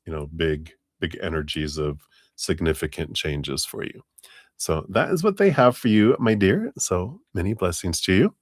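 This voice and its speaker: A man's voice: sits low, no room sound, clean studio sound. A man giving a chatty live tarot reading to viewers, laughing often and acting out playful quoted lines. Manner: acts out playful quoted voices for cats. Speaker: tarot reader.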